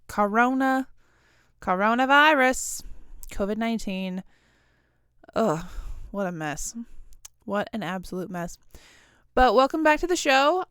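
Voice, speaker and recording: A woman's voice: on the high side, fairly bright tone, smooth, dry recording, clean studio sound. Giggly young woman hosting a podcast. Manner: rambling, giggly, self-deprecating. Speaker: podcast host. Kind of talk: casual solo podcast chat.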